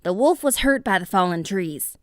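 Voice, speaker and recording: A woman's voice: medium pitch, animated, normal speed, no room sound, studio quality, close to an everyday voice. A woman voicing a big, worried male beaver telling what happened. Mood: urgent. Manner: loud, urgent storytelling.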